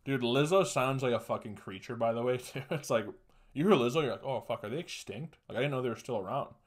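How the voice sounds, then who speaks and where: Young man, podcast host, solo comic rant, crude, swears a lot, mid pitch. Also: fast. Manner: crude, profane, mocking, laughs at his own jokes.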